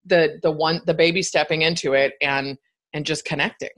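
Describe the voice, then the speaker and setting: A woman hosts a podcast in a relaxed, chatty way and laughs often. Her voice sits low for a woman. She sounds friendly and conversational. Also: normal speed. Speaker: podcast host. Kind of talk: casual conversation.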